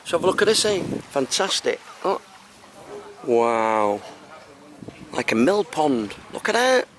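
A man's voice: medium pitch, sing-song, unhurried, fairly bright tone. An Englishman with an English accent chatting enthusiastically while filming a handheld travel vlog outdoors. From England. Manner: chatty, enthusiastic, keeps saying fantastic. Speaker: travel vlogger. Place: outdoors on a tropical island, beaches and roadside. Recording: noisy outdoor camera audio.

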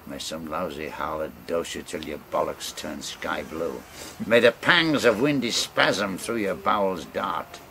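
A man in his eighties playing a furious, battered gang captain hurling loud, ranting curses. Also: extremely low pitch, measured pace, gravelly, few pauses, pitched below the performer's own voice, full character voice. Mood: cursing rage. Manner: ranting, cursing loudly. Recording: noisy background hiss.

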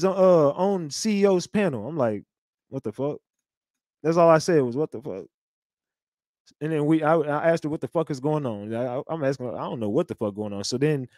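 Heated guy ranting on his livestream, aave, kinda high voice, dry mic. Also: a little mellow, no echo. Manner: blunt, heated, repetitive restarts. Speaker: livestream host. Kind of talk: casual livestream monologue.

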